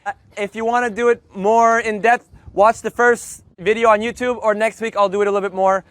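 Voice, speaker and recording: A man teaching Spanish to a live group of learners, energetic and joking, drilling words loudly for the class to repeat. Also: high-pitched, a little fast, dry recording. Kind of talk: live group language lesson. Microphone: loudspeaker mic.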